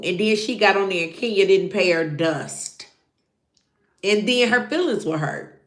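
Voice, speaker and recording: A woman's voice: mid-range voice, unhurried, reverberant. A woman hosting a casual recap show, talking animatedly to her viewers and acting out what people said. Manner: animated, acts out quotes, talks to viewers. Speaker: show reviewer host.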